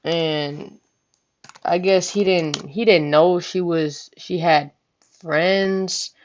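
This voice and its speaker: A woman's voice: fairly low pitch, steady tone, very slow, muffled recording, a little hiss or hum. A young woman vlogger telling a story casually, profane and rambling, often asking "you know what I'm saying". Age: young adult.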